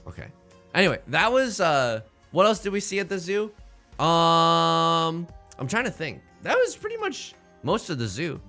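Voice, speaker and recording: A man streaming casually, telling jokes and stories in an animated, self-mocking way. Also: a little high, measured pace, faint music behind.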